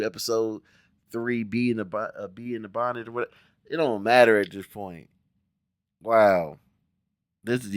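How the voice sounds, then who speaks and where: A man with a low voice and an American accent from around Cincinnati, giving a casual review of a TV show. He talks bluntly and with plenty of profanity, sounding exasperated, and puts on mock voices for the characters. The recording is dry, with no room sound. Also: dry recording. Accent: American, Cincinnati area. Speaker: TV review vlogger.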